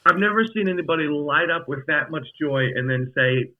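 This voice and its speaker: A male actor guest telling stories in a casual interview, rambling and animated, with frequent restarts. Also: on the high side, a little fast, narrow, tinny audio, slight background noise.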